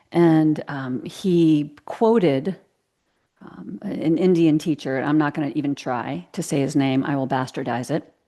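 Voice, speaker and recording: A woman teaching a live yoga class over a video call, giving slow, gentle cues with soft asides. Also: deep voice.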